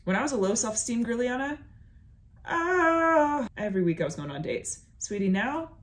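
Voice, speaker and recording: A woman's voice: a little high, big pitch swings. Sassy young woman comedian ranting. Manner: sassy, playful, drawn-out emphatic words. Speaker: stand-up comedian. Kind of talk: casual comedic monologue to camera.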